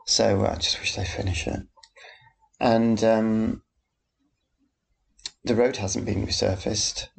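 A man's voice: lowish voice, fairly even intonation, slow pace, pauses often. A man hosting a casual solo podcast, rambling and chatty with a self-deprecating manner. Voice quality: gravelly. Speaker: podcast host. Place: home, background noise heard.

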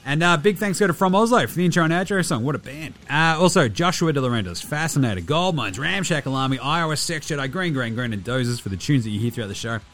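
A man's voice: fairly high pitch, animated, fast talker, hardly any pauses, fairly bright tone. A man with an Australian accent hosting a podcast, loose and chatty as he wraps up the show. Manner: loose and chatty, lots of fillers. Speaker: podcast host. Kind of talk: casual show wrap-up and ad reads.

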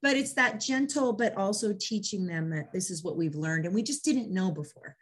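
A woman dog trainer hosts a relaxed interview. She talks with eager enthusiasm and tells lively stories about her clients. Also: medium pitch, moderate pace. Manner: enthusiastic, animated storyteller. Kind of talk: casual interview chat.

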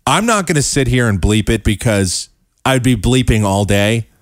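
Casting: sarcastic male host, lively talky delivery, dry close mic. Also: mid-range voice, no echo. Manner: sarcastic, quick asides. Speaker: show host. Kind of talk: casual talk commentary.

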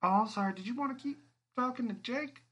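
A man doing a loud, shrill orc commander woman. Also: animated, slow. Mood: mocking, loud. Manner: loud, projected, mocking. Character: bossy female orc commander on a loudspeaker.

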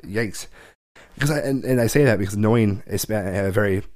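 A man's voice: lowish voice, normal speed, a little mellow. Rambling, profane man telling stories. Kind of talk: casual storytelling chat.

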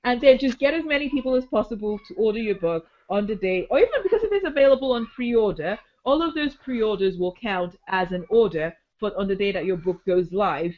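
A woman hosting a podcast in casual chat, slightly hoarse from a cold, chatty, with many ums and easy laughter. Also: mid-range voice, dull audio. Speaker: podcast host.

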